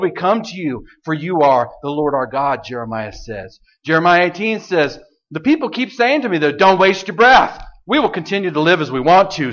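A man preaching a sermon, swinging from loud outbursts to hushed asides. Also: high voice, dull audio.

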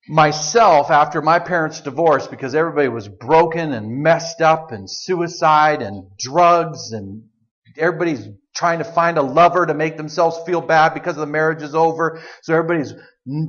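Conversational preacher man with a high voice. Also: fairly bright tone, highs cut off. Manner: conversational preaching, shifts into quoted voices of God. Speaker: pastor. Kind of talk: sermon.

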